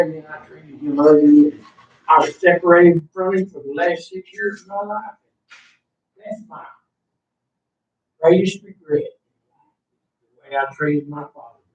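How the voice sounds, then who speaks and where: Older guy rambling from the heart, highish voice, sounds far off in a dull recording. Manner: rambling, heartfelt, repeats himself. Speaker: interviewee. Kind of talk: emotional personal storytelling. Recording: roomy, distant, dull recording.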